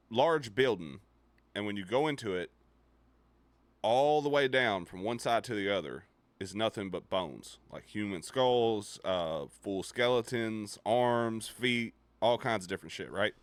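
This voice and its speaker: A young man streaming live, telling a story casually and profanely, dropping his voice low and quiet for suspense. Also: a little slow, no room sound. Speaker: livestreamer.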